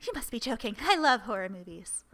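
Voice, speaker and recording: A woman's voice: a little high, very animated, brisk, background noise. A woman reading a flustered, formal gothic man. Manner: stiff, overly formal bravado.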